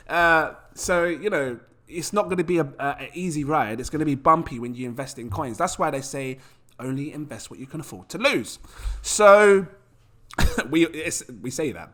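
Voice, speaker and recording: A man giving a casual, animated to-camera talk about crypto, full of rhetorical questions. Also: mid-range voice. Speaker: crypto YouTuber.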